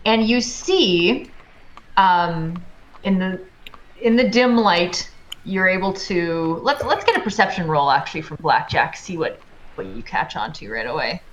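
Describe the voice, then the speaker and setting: A woman narrating a tabletop game as game master, describing scenes in halting phrases full of fillers. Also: fairly low pitch, lively intonation, reverberant.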